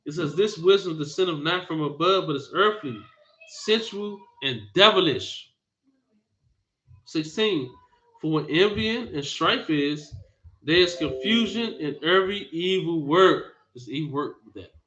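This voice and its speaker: A man's voice: on the high side, expressive, unhurried, bright, forceful tone. A man preaching a Bible teaching sermon, emphatic and scolding, repeating phrases for force. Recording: dull lo-fi recording.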